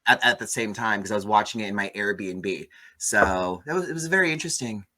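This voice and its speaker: Chatty guy with a bright tone, dishing on a movie, lively and gossipy. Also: lowish voice, fairly quick. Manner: animated, gossipy, swears and laughs often. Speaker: host. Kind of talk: casual movie review chat.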